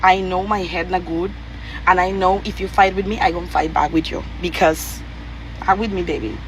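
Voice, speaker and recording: A woman's voice: lowish voice, fairly even intonation, normal speed, slight background noise, low-quality recording. A woman with a Venezuelan Spanish accent tells a heated, profane story with many fillers and restarts. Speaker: guest telling a story.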